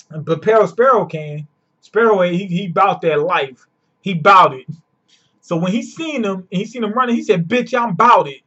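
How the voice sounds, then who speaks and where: High-voiced cursing manga reviewer man. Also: a bit bright. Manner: profane, laid-back slang. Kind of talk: casual chapter review. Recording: lo-fi dull sound.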